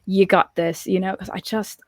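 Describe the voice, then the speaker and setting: A woman guest on a podcast, talking in an earnest, gentle way with hesitant restarts. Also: medium pitch, flat delivery, normal speed, dry recording, clean studio sound. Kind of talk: casual podcast chat.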